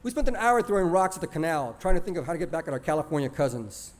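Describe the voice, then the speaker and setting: A man's voice: on the high side, very fast. A man telling a childhood story plainly, dropping in Spanish words. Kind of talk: oral storytelling of a childhood memory.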